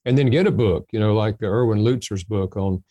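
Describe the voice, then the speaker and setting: An older man, a guest author in an interview, giving gentle, folksy advice. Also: on the low side, brisk, no echo, muffled recording. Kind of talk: interview conversation.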